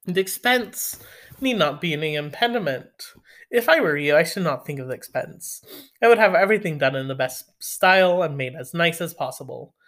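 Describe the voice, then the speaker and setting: A reader voicing a bossy, meddling older aunt in an audiobook, officious and quick to take offense. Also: expressive, a bit bright, natural voice. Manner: shrill, indignant, officious.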